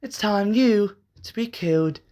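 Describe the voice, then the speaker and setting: A storyteller voicing a monster villain calmly announcing a kill in a homemade horror story. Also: mid-range voice, a little slow, voice pushed up, lightly acted. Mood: menacing.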